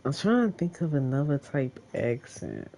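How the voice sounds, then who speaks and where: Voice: mid-range voice, huge pitch swings, normal speed, creaky, mellow. A vlogger talking in a casual, rambling monologue straight to the camera, swearing freely and laughing often.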